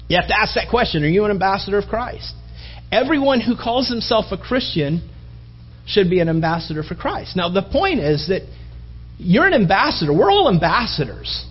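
A man preaching a sermon in an animated, mocking way, building to emphatic appeals. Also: high-pitched, moderate pace, husky, dull audio, faint music behind. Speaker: pastor.

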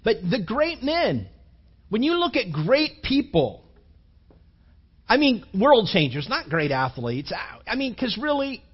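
A man's voice: extremely high pitch, big pitch swings, slow, slightly rough, muffled recording. A man preaching a sermon to young men, rambling in a chatty way with many fillers and rhetorical questions.

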